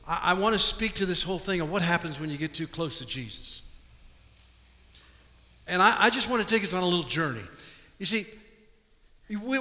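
A male pastor preaching a lively sermon to his congregation, stumbling over repeated words and asking the room questions. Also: high voice. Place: church sanctuary. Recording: live church recording with long hall reverb.

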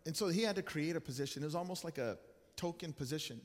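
A man's voice: a little high, fast. A male pastor preaching a sermon, telling a personal story in an earnest, conversational way with frequent restarts. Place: church sanctuary. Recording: long church hall reverb.

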